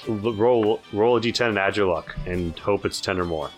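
A man with a fairly low voice narrates as game master, talking casually and jokily, often stopping and restarting mid-sentence. Faint music runs underneath. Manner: casual, halting, jokey.

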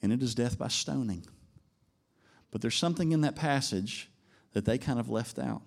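A man preaching a sermon to his congregation in an animated way, climbing to emphatic peaks and slowing down for quoted lines. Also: medium pitch, gravelly. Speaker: pastor.

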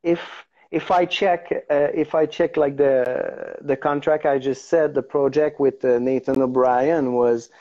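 Man, Quebec French accent, native French speaker, halting, mellow voice, dull lo-fi call audio. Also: mid-range voice, steady tone. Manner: halting, searching for English words. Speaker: actor guest. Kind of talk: casual interview.

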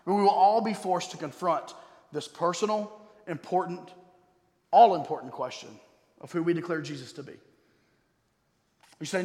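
A man preaching a sermon as pastor. He is emphatic, slows down to stress key words and drops suddenly to a quiet voice. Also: fairly high pitch. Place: church sanctuary. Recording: echoey hall with long reverb.

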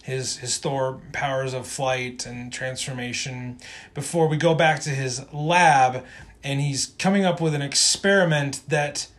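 A man's voice: mid-range voice, measured pace, a bit bright. A man co-hosting a podcast who recaps a comic book in a rambling way, with many ums and restarts. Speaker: podcast co-host.

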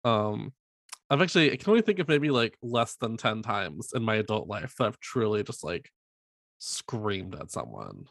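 A man in his twenties in casual conversation, telling lively stories and acting out quoted lines. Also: lowish voice, moderate pace, creaky, no echo, studio quality. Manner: animated storyteller, acts out quotes loudly. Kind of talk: casual chat.

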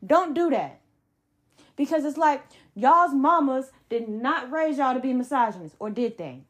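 A woman's voice: high-pitched, lively intonation, measured pace. A young adult woman hosting a solo sports podcast, ranting in a heated, emphatic way with blunt slang. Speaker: podcast host.

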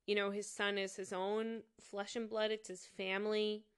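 A woman talking through her reactions to a show in a thoughtful, halting way, with frequent fillers and restarts. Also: mid-range voice, flat delivery, clear, resonant tone. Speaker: commentator reviewing a show. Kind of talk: casual spoken commentary.

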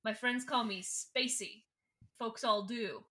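Woman voicing a crazed street drifter, stammering and frantic, bright. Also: on the high side, slow pace. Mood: dazed. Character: rambling half-mad homeless man.

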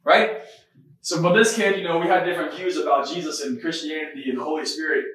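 A young man preaching a testimony sermon, telling stories in a rapid, animated way. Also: on the high side, far from the mic. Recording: echoey room, voice from afar.

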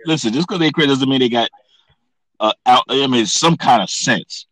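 A man's voice: mid-range voice, normal speed, a bit bright, breathy edge, no echo, rough recording. A man co-hosting a podcast in a laid-back, profane casual chat, often asking "you know what I mean". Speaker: podcast co-host.

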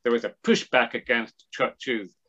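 A man's voice: medium pitch, fairly even intonation, a little slow, a bit bright, highs cut off. A man as an interview guest, explaining ideas in a discursive, lecturing way with frequent restarts. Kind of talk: thoughtful academic discussion.

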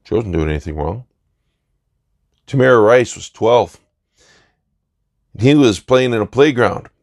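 A man giving an earnest opinion monologue in deliberate short phrases. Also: medium pitch, animated, gravelly, darkish tone, no room sound, studio quality. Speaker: commentator.

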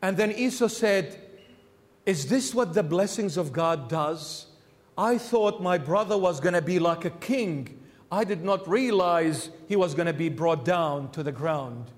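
A bishop preaching a sermon in a church, telling the story animatedly and acting out its characters. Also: male voice, fairly high pitch, expressive, measured pace, in a large hall.

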